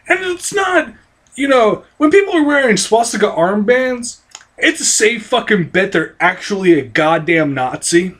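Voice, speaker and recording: A fired-up vlogger ranting to camera with a lively, swooping delivery. The speaker drops to low, sour mutters and then cracks upward into shouts. The voice sounds strained and close to giving out, and almost every sentence carries a curse. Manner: heated, profane, swinging from low mutters to high outbursts. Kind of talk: angry political rant to camera.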